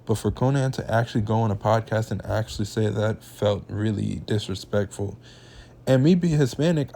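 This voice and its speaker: A man's voice: on the low side, animated, fairly quick, gravelly, mellow. A young man hosting a reaction channel, ranting in heated, slangy casual commentary.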